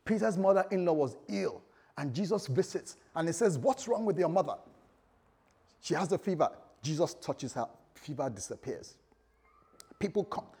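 Animated husky-voiced male preacher. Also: fairly high pitch. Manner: animated storytelling, acting out voices with laughter. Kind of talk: sermon.

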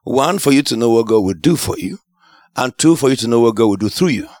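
A man preaching a sermon, telling a testimony in an animated storytelling way. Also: mid-range voice, quick pace, dry recording. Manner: animated storytelling, shouts and laughs at climaxes.

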